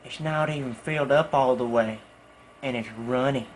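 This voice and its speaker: A man's voice: medium pitch, moderate pace, slight background noise, voice pushed down, close to an everyday voice, rough recording. A young man voicing a grumpy, demanding male customer who complains bluntly. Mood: flat complaining.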